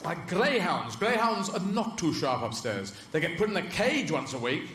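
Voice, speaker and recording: A man's voice: high voice, very animated, moderate pace, a bit bright. Rambling, whimsical stand-up comic man. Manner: rambling and whimsical, slipping into voices. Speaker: stand-up comedian. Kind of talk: stand-up comedy routine. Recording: echoey venue with ambient noise.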